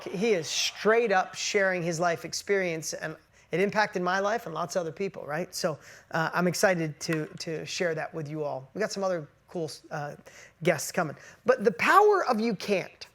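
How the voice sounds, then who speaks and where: Speaking in a high, fairly bright voice, a motivational coach addresses a live online audience with emphasis. He often repeats himself, breaking off and starting his words over.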